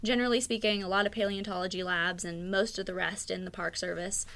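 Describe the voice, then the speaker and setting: A woman's voice: medium pitch, fairly even intonation, quick pace, vocal fry, a bit bright. A woman working for a national park, giving earnest, informative interview answers. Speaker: park staff guest.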